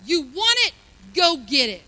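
An older woman preaching a sermon, building from chatty asides to fervent, loud exhortation. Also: high voice, big pitch swings, rough recording. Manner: fervent, rising to loud exhortation, drawn-out emphasis.

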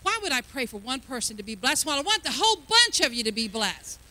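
High, sharp-voiced woman preacher. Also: sing-song, fast. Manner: folksy, emphatic, asks the congregation questions. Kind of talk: sermon.

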